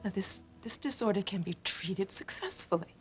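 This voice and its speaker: An actress playing a caring doctor who speaks softly, often near a whisper. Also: female voice, medium pitch, expressive, normal speed, slightly rough, soft background music. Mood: reassuring. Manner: soft, reassuring, often hushed.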